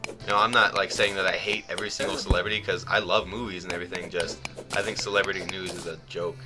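A young man rambling and joking through casual gameplay commentary, with sudden loud outbursts. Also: sits low, level tone, fast, music in the background. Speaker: gaming YouTuber.

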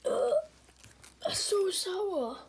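A woman's voice: on the high side, normal speed, breathy edge. A woman voicing a male plush pig contestant who gives up easily and whispers strained reactions.

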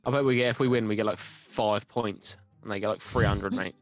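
A man's voice: on the low side, fairly even intonation, brisk, soft background music. A man joking and swearing cheekily with friends over voice chat. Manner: cheeky, swearing, ends lines with mate. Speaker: gamer. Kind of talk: casual banter over voice chat.

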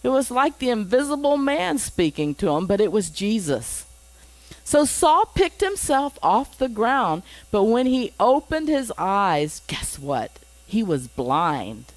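Woman pastor reading the bible with lots of chatty asides, mid pitch, dry close sound. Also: big pitch swings, takes it slowly, no echo, rough recording. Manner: reads scripture with chatty asides and chuckles. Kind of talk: Bible teaching.

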